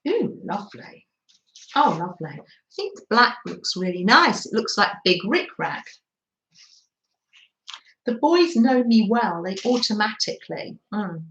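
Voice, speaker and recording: An English woman chats through a crafting livestream, gushing over everything and laughing softly. She talks slowly at a middle pitch. Her voice rings in an echoey room. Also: big pitch swings. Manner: chatty, gushing with frequent little laughs. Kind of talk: live-stream crafting chat.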